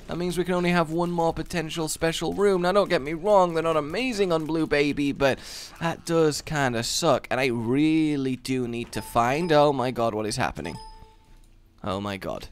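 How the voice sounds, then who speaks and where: A man's voice: mid-range voice, sing-song, normal speed. A man hosting a gaming channel, giving rambling, jokey let's-play commentary full of asides.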